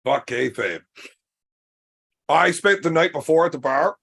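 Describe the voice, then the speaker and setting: Gravelly, profane Canadian man telling stories. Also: on the high side, expressive, unhurried, fairly bright tone. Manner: profane, boisterous, rambling anecdotes. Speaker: podcast co-host, arm wrestler. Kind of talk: casual podcast storytelling.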